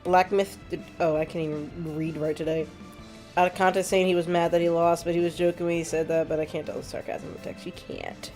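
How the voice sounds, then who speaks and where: A woman's voice: on the low side, little pitch movement, brisk, a little mellow, soft background music. A woman streaming a game, chatting casually and sarcastically as she plays, laughing often and sounding tired. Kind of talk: casual live-stream chat while playing.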